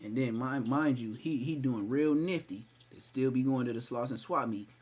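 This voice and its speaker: A man's voice: medium pitch, moderate pace. A man hosting a live podcast stream, mocking and roasting someone in a profane, rowdy way. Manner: mocking, profane, loud outbursts. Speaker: podcast host.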